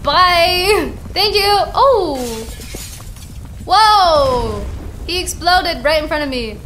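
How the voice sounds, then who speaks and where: A young woman hosting a gaming channel, giving excitable, exclamatory commentary and often giggling. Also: very high voice, extremely slow, soft background music.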